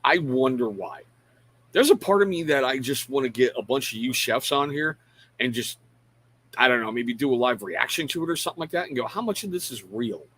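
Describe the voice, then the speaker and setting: A man's voice: medium pitch, animated, a little fast, a bit bright, low-quality recording. A middle-aged man hosting a casual live stream. He rambles frankly, pokes fun at himself and greets chat viewers by name between thoughts. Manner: frank, self-deprecating. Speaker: live show host.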